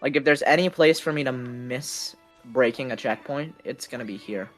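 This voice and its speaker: A man's voice: mid-range voice, normal speed, faint music behind. A man streaming a speedrun, chatting casually and teasing while he plays. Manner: joking, offhand, teasing. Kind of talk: casual chat while gaming.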